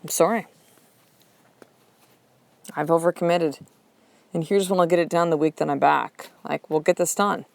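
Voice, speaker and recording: A woman's voice: low-pitched, a little fast, gravelly, hardly any pauses, no echo. A woman hosting a motivational podcast, talking bluntly and emphatically and swearing freely. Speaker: podcast host.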